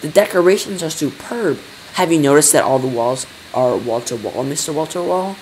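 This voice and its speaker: A man voicing a childish, boastful president who talks loud and excitable in a storybook reading. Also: a little high, moderate pace, slight background noise, lightly acted, poor audio.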